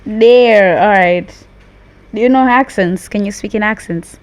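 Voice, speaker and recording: A young woman hosting a casual chat, giggly and quick when nervous. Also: mid-range voice. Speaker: host.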